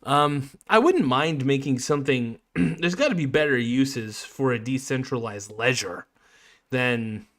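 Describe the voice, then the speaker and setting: A man's voice: mid-range voice, expressive, measured pace. A man talks loosely to the camera in a mid-range voice, mocking his subject with sarcasm and stumbling restarts. His rambling drifts into crude jokes and profane asides, as if just chatting. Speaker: video creator. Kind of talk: casual rambling commentary.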